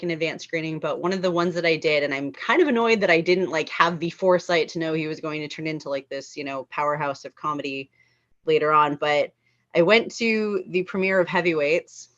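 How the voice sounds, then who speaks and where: A woman's voice: fairly low pitch, fairly bright tone. A woman from Los Angeles hosting a casual online chat, telling stories with frequent laughs over a video call. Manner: chatty storyteller, laughs often. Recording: dull lo-fi call audio.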